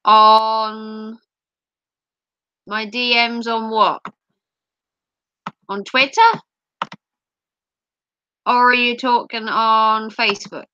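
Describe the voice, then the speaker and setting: A woman's voice: on the high side, little pitch movement, drawn-out words, long pauses, sharp tone, no room sound, muffled recording. A middle-aged woman hosting a casual livestream, teasing viewers and reading their comments, her voice a little sore. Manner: playful, teasing, giggly. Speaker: livestream host. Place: home, streaming.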